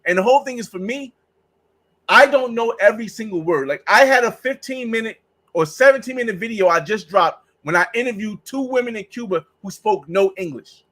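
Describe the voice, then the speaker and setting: High-voiced man telling travel stories. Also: animated, brisk, sharp tone, low-quality recording. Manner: rambling, storytelling with acted-out exchanges. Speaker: travel vlogger host. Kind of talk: casual livestream chat.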